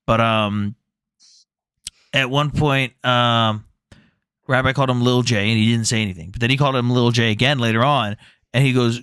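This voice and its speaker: Male stream host, animated storyteller, bright forward tone, dry close-miked sound. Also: mid-range voice, normal speed, long pauses, clean tone, no room sound. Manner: animated storyteller, mimics others' voices. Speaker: livestream debate host. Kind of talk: casual livestream chat.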